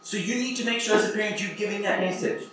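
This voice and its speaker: A man, preaching in a relaxed, conversational way and often checking in with his listeners. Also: sits high, fast, background noise. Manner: earnest, encouraging, checks in with the audience. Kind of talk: conversational sermon. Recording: very echoey church hall.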